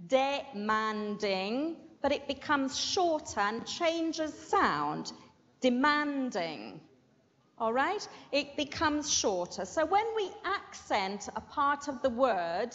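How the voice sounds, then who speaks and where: A woman teaching an English vocabulary and pronunciation lesson, slowly stressing syllables and checking in with "okay?". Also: sits high, a bit bright. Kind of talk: classroom language lesson. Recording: muffled with long hall reverb.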